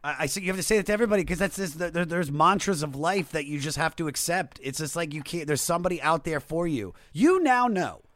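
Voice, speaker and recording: A man's voice: on the high side, animated, fast, few pauses, a bit bright. A man hosting a casual podcast chat, laid-back and encouraging, laughing easily. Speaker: podcast host.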